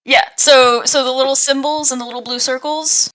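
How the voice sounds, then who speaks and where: A woman's voice: high-pitched, fairly even intonation, moderate pace, fairly bright tone, low-quality recording. A woman narrating a tabletop game as game master, hesitant and full of fillers.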